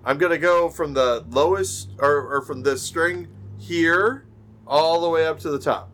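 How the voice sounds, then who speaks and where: A male podcast co-host with a fairly high voice, chatting casually. He rambles and restarts often, filling gaps with ums and uhs. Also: unhurried, a bit bright, slight background noise. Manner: rambling with many fillers and restarts. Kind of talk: casual chat. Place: remote video call.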